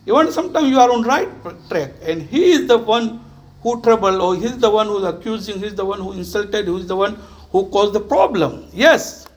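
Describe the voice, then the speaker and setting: A man preaching an earnest sermon to his congregation. He exhorts his listeners and repeats phrases for emphasis. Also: high-pitched. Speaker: imam.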